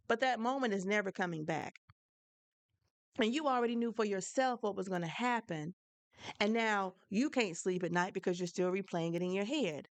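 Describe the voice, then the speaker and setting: Gravelly, frank woman podcast host. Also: mid-range voice, normal speed, no room sound. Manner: frank, preachy, conversational. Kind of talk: solo advice podcast monologue.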